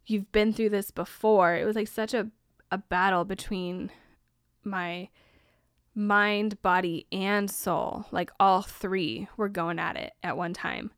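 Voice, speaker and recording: A woman's voice: medium pitch, fairly even intonation, slow pace, fairly bright tone, clean tone, no room sound, studio quality. A young woman hosting a podcast, telling a personal story in a candid, casual way with lots of "like". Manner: casual, candid, says "like" often. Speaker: podcast host.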